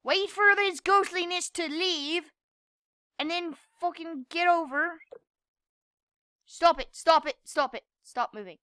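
A young woman playing a game and commenting, frustrated, swearing and yelling at it. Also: very high-pitched, takes it slowly, pauses often, no room sound. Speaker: gamer. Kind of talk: gameplay commentary.

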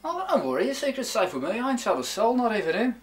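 A young man playing a cheeky flatmate full of matey banter, in naturalistic indie film dialogue. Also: extremely high pitch, fast talker, a little hiss or hum, low-quality recording. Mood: teasing. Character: cheeky young English lad in a London flatshare. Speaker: new car yard worker and flatmate.

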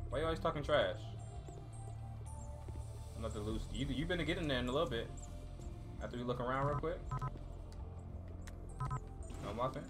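A man's voice: medium pitch, moderate pace, long pauses, over music. A man giving casual, joking gameplay commentary as a gaming YouTuber, talking straight to his viewers.

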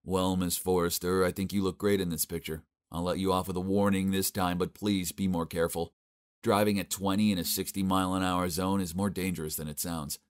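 A man doing a calm, formal police officer. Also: low-pitched, a little fast, smooth, natural voice. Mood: lenient.

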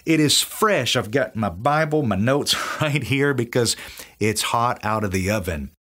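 A preacher with a Southern US accent teaches from the Bible enthusiastically, acting out quoted dialogue. His voice is on the low side and a bit bright, animated yet unhurried.

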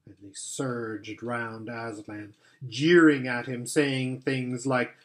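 A man reading a children's novel aloud as story narration, in a slow, deliberate manner. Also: medium pitch, level tone. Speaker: audiobook reader.

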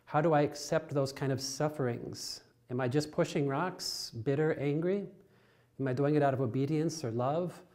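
A man, a priest, reading the Gospel and preaching a homily in church in a slow, measured way. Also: medium pitch, a little mellow. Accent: American.

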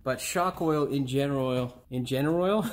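A man's voice: medium pitch, a little slow. A middle-aged man hosting an auto repair channel, working outdoors in a driveway and talking to a camera. He is short on sleep, swears often, mutters to himself and keeps restarting his lines. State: sleep-deprived. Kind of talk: casual DIY repair outtakes.

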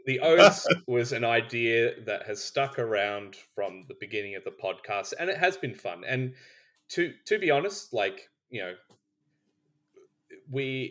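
A man's voice: mid-range voice, fairly bright tone. A man co-hosting a board game podcast, talking casually, rambling with restarts and laughing between points. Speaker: podcast co-host. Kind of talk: casual chat.

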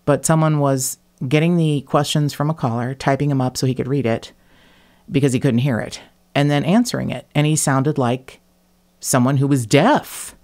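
A woman hosts a podcast in loose, casual chat. She talks in an animated, blunt way, swears freely and laughs between her words. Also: a bass voice, moderate pace. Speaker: podcast host.

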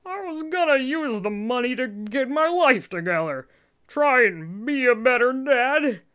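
A woman voicing a remorseful middle-aged father who speaks in a halting, apologetic way. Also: sits high, lively intonation, a bit bright, clean tone, pitched above the performer's own voice. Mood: pleading.

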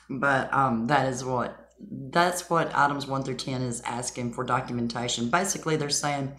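A woman with a strikingly deep voice talks straight to her viewers in a chatty, emphatic way. She drops scoffing asides as she goes. The sound bounces around an echoey room. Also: steady tone, moderate pace, a bit bright. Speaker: channel host. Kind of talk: casual commentary.

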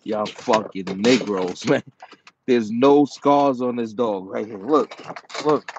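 A man ranting to the camera about his dogs, repeating insults in a slow, taunting manner. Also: medium pitch, a little mellow, husky. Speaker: dog breeder and channel owner. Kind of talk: angry rant to camera. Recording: dull lo-fi sound with faint noise.

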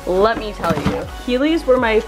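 A woman's voice: on the high side, big pitch swings, normal speed, music in the background. Bubbly, chatty young woman vlogger. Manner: bubbly, chatty, full of "like" and "oh my gosh". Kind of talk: casual vlog chat.

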